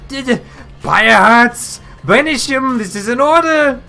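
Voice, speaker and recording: A man doing a haughty knight commander from a fantasy video game, pitched high and shrill, who sputters and stammers in rage. His voice is loud and piercingly bright, with faint game music behind. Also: expressive, measured pace, vocal fry, full character voice. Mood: sputtering.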